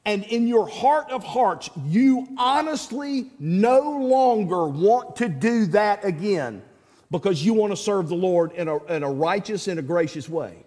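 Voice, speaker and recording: A middle-aged man preaches to his congregation in a fairly high voice. He is emphatic, doubles back on his words and asks the room direct questions. His voice rings out with a long reverb, as in a church sanctuary. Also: lively intonation, a little slow, darkish tone. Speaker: pastor. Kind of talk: sermon.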